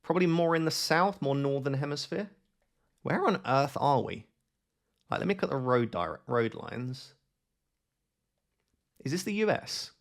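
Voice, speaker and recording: A man talking through a game as he plays, reasoning out loud and asking himself questions. His voice sits at an ordinary middle pitch for a man, in a casual, conversational delivery. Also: lively intonation, normal speed, vocal fry. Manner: thinks aloud, questions himself. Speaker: gaming channel host. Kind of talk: live gameplay commentary.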